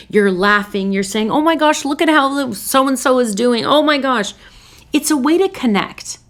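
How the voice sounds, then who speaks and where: A woman hosting a relationship advice show, speaking directly in short punchy phrases and jumping into excited high voices to act out greetings. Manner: lively, bursts into excited high voices when acting out greetings. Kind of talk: direct advice talk to camera.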